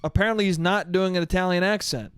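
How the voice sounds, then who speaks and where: Profane, rambling podcast guy, slightly high voice. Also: steady tone, fast, clean tone, no echo, studio quality. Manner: profane, rambling, says "dude" a lot. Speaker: podcast host. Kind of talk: solo comedic podcast rant.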